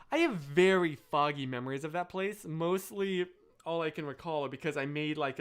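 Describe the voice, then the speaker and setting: A man's voice: fairly high pitch, fairly bright tone, smooth. Rambling young American man streaming live. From United States. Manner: rambling, self-interrupting, apologetic asides. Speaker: livestream host. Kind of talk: casual chat with live viewers.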